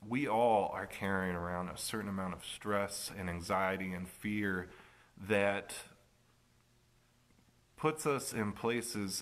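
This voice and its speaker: Middle-aged guy preaching, takes his time, kinda lowish voice, jokes at his own expense. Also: a bit bright. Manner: storytelling, reflective, self-deprecating humor. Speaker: pastor. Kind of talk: sermon.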